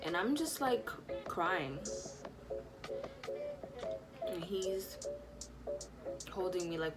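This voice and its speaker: A young woman casually retelling a personal story, animated and full of fillers, acting out what people said. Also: lowish voice, a little slow, long pauses, over loud music. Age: young adult. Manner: animated, lots of fillers, acts out quotes. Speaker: vlogger.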